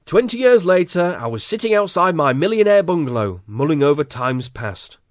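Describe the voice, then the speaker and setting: A man's voice: a little high, big pitch swings, normal speed, no echo. A man with a Yorkshire accent narrating an absurd comic story in a dry, mock-earnest way. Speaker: comedy podcast narrator. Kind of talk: deadpan absurd comic monologue.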